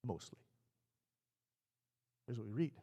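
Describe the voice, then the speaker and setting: Animated male pastor in a reverberant church. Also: mid-range voice, takes it slowly, breathy edge. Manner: animated, conversational storytelling. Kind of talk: sermon. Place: church sanctuary.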